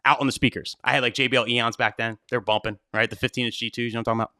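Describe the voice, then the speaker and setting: A man's voice: mid-range voice, level tone, very fast, sharp tone, clear, resonant tone, no room sound, clean studio sound. A young man, a DJ hosting his own show, telling a story casually and animatedly, swearing freely and acting out his own panic. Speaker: wedding DJ and show host.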